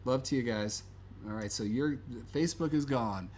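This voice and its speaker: A man's voice: medium pitch, moderate pace, darkish tone, slight background noise. Chatty male livestream host. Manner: chatty, rambling, many fillers. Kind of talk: casual live-stream chat.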